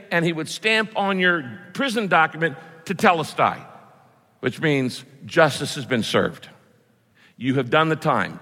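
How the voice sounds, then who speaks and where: A man's voice: on the high side, sharp tone, big-room sound. A man preaching a sermon as pastor, emphatic and repeating key phrases for weight.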